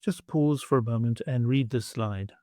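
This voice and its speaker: A man reads a scripted language lesson in a slow, clear, instructive way. His voice sits at an ordinary middle pitch. The recording is a dry, close voice-over with no room sound. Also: dark tone, no room sound. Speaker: language teacher.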